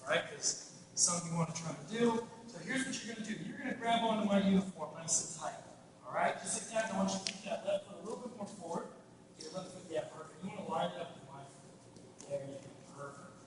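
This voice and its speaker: A man teaching a martial arts class, coaching the student through strikes and shouting spirit yells. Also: high-pitched, quick pace. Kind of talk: demonstrating a class to an adult student. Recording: echoey hall, from far off, noisy.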